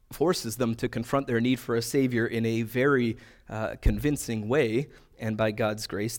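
Male pastor, mid pitch, easygoing sermon delivery with humorous asides. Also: darkish tone. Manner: conversational preaching with playful asides.

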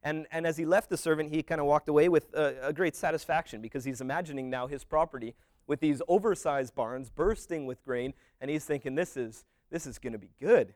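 A man retelling a parable as a story in a relaxed, rambling way, with many fillers and restarts. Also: on the high side, brisk, no echo, studio quality.

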